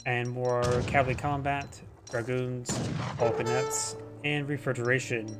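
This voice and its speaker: A male caster talks through a strategy game replay in a loose, rambling way, often tripping over names. His voice sits at a middling pitch. Clear music plays under him. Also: little pitch movement, a little slow. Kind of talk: casual replay commentary.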